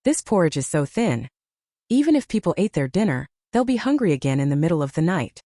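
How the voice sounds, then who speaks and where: Woman doing a quiet worried guard. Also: on the low side, sing-song, a little fast, dry recording, studio quality. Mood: concerned. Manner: quiet, concerned. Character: worried young male guard.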